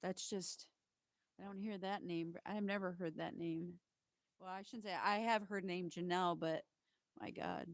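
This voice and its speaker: Low-voiced woman channeling spirit messages. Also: steady tone, normal speed, no echo, clean studio sound. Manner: emotional, hesitant, many fillers and restarts. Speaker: psychic medium.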